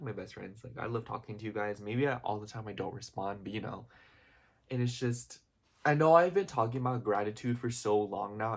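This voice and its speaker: Rambling emotional young man vlogging. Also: lowish voice. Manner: rambling, heavy use of "like" and "you know"; openly emotional, gushing. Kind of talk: casual heartfelt vlog chat.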